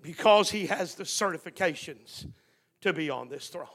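A man preaching a fiery revival sermon, swinging from quiet, close talk to shouted, repeated lines. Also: fairly high pitch, lively intonation, normal speed.

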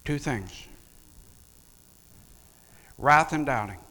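Bright-voiced male preacher in a hall. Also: mid-range voice, drawn-out words. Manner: animated, conversational, asks the audience questions. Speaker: pastor. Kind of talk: sermon. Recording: long reverb of a large hall.

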